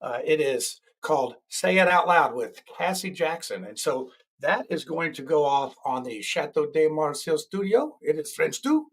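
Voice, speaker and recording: A man's voice: on the high side, lively intonation, moderate pace, few pauses, fairly bright tone, breathy edge. A man in his sixties hosting a live-streamed talk show, rambling and joking and often correcting himself as he goes. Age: 60s.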